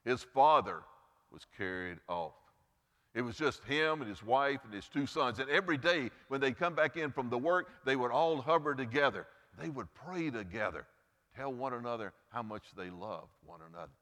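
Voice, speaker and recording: A man's voice: fairly bright tone, long reverb tail. A man preaching a Mother's Day sermon as pastor, earnest, lifting and dropping his voice for emphasis, then praying. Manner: earnest preaching, pitch and volume rising and falling for emphasis. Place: church sanctuary.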